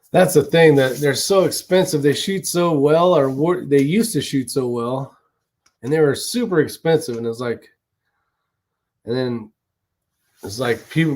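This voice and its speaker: Chatty man hosting a live stream. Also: on the high side. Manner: chatty, rambling, swears casually. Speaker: livestream host. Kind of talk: casual live chat reading viewer comments.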